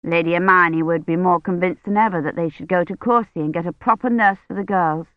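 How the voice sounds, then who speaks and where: A woman reads a novel aloud in a measured, even manner, her voice sitting fairly low. The recording is dry and close with a slightly dull, lo-fi tone. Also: no echo. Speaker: narrator. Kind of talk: audiobook narration.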